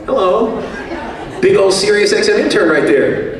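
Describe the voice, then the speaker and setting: A man's voice: sits high, lively intonation, moderate pace, distant mic, crowd noise. A man giving an after-dinner banquet speech, telling self-mocking stories in a joking way. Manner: self-mocking, jokey storytelling. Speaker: banquet speaker, radio executive. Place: banquet hall. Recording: echoey hall, voice from afar.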